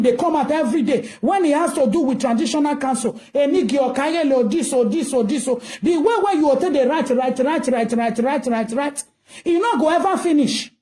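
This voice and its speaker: A woman's voice: high-pitched, warm tone. A Nigerian woman giving ranting commentary, scolding and asking rhetorical questions in a mix of English and Pidgin.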